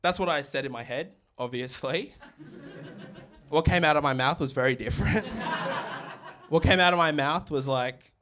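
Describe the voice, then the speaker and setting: A young man in his twenties doing stand-up comedy, telling stories in a conversational way with quick asides. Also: fairly high pitch, crowd noise. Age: 20s. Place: living room.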